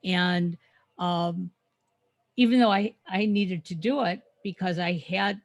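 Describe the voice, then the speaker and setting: A woman in her seventies with a fairly low voice co-hosts a podcast. She speaks candidly and fills pauses with ums. The sound is dry and close, with no room echo. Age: 70s. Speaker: co-host. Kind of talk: casual podcast chat.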